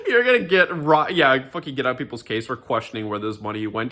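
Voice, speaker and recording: Sarcastic, animated young man ranting. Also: medium pitch, brisk. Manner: sarcastic, profane, mocking, with frequent fillers and restarts. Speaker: commentary ranter. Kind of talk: casual rant commentary.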